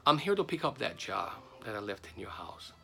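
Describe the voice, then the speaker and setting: A man voicing a traveling friend who returns to claim his jar, talking with cheer and then with quiet pleading. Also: fairly low pitch, big pitch swings, brisk, vocal fry, faint music behind, full character voice. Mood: cheerful.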